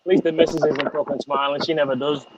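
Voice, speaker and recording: A channel host from Liverpool, England, with a Liverpool accent, chats casually with friends on a video call, swearing constantly and laughing a lot. He talks fast, fairly high-pitched and level. The audio is dull and very noisy.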